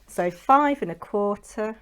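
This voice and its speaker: A woman of middle pitch chats through a crafting session. She rambles, thinks aloud and keeps asking the viewer to agree with her. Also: lively intonation, a little slow, a bit bright, a little hiss or hum. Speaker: papercraft channel host. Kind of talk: chatty crafting vlog.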